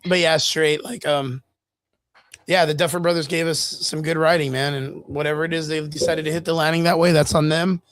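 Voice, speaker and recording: A man's voice: on the high side, little pitch movement, brisk, a bit bright. A man co-hosting a casual streamed chat show, joking loosely and swearing, with lots of "dude" and "bro". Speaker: podcast co-host. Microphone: streaming mic.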